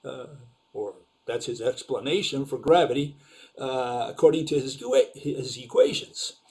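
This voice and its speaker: Guy with a slightly high voice picking apart physics slides, sarcastic, lots of uh's. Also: a little mellow. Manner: sarcastic, questioning, frequent fillers. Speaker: lecturer. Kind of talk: informal lecture with slides.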